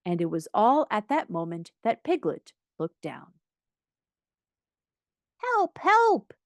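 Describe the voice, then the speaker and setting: Woman, children's audiobook reader, expressive, lively intonation, dry close sound. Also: fairly low pitch, normal speed, gravelly, no echo. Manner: expressive, storytelling.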